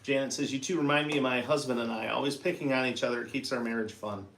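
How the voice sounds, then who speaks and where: A man's voice: mid-range voice, fairly even intonation, fast, creaky, a bit bright, a little hiss or hum. A man co-hosting a crafting show who reads out viewer comments and adds dry, joking asides in casual banter. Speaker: co-host reading viewer comments.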